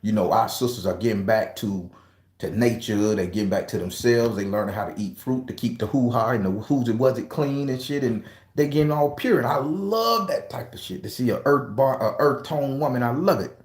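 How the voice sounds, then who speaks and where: A man's voice: medium pitch, brisk, darkish tone. Profane man telling a story in a roomy space. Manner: profane, emphatic, talks straight to his audience. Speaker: tarot reader and channel host. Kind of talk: casual storytelling to viewers.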